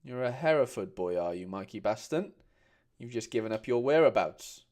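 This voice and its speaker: A man's voice: mid-range voice, expressive, normal speed, darkish tone. A man hosting a casual livestream, chatting with viewers and calling them mate. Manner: chatty, reads out viewer comments, calls people mate. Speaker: host.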